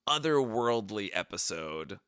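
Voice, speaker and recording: A man with a hoarse, raspy voice co-hosts a podcast, joking around in a loose, playful chat. His pitch swings widely and his tone is bright. The sound is dry and close. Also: sing-song, a little slow, no room sound. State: hoarse, raspy voice after shouting at camp. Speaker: podcast co-host.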